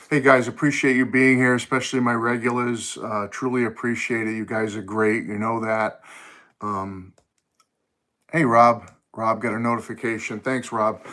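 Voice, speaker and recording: Middle-aged male streamer, bright tone, loose and chatty, talking into a phone in a home music room. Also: medium pitch. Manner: chatty and rambling, greets viewers by name, thinks aloud. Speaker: live-stream host. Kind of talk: casual live chat with viewers.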